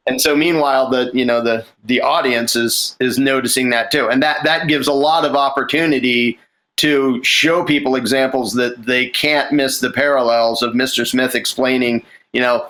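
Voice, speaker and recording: A man's voice: mid-range voice, steady tone, normal speed, pushed and bright, low-quality recording. A man talking casually about a film script he is writing, rambling with restarts and acting out lines. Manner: rambling, many restarts and fillers, acts out lines. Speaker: screenwriter.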